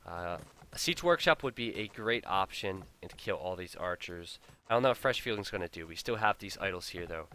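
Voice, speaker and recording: A man's voice: low voice, lively intonation, brisk, pushed and bright. A man giving live play-by-play commentary on a strategy game match, chatty and openly incredulous, laughing at the players' blunders. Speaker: game caster.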